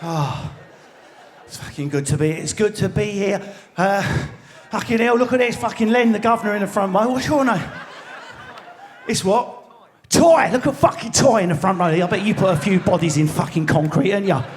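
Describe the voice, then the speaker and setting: A man's voice: sits high, moderate pace, a little hiss or hum. A man with an Essex and London accent doing live stand-up comedy in a large theatre, brash, sweary and baiting the crowd. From Enfield, England.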